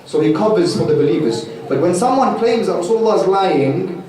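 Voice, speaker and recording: A man's voice: high voice, expressive, brisk, noisy background. A man telling a religious story in a vivid, dramatic way to a youth gathering, recorded in a mosque hall. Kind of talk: sermon storytelling. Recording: echoey hall from far off.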